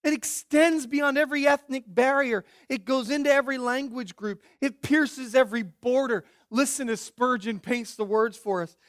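A man preaches a sermon in a high, bright-sitting voice. He drops to quiet, earnest pleading, then builds to loud, emphatic declarations. The sound is dry and close, with no room echo. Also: normal speed, few pauses.

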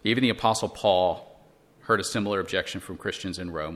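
A man's voice: sits low, brisk, a bit bright. A man teaching a church Bible lesson, earnest and explanatory, using rhetorical questions and frequent restarts.

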